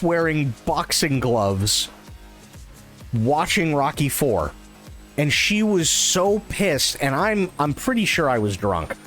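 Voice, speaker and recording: A man streaming a game live who tells a long, rambling story in casual, profane, animated chat and laughs at his own tales. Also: on the high side.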